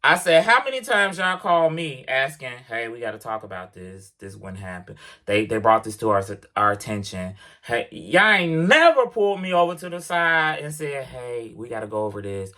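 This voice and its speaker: A man's voice: fairly high pitch, normal speed, hardly any pauses. A man telling a casual, emphatic story about leaving his job, quoting conversations as he goes. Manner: animated, emphatic, quotes conversations in voices. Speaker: truck driver vlogger. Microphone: action camera mic. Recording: action camera.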